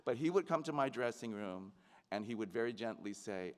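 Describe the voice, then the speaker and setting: A man's voice: lowish voice, lively intonation, moderate pace. Earnest man speaking in a large hall. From United States. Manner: earnest, heartfelt, reflective. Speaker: commencement speaker, actor. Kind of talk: commencement speech. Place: large ceremony venue. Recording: long reverb of a large venue.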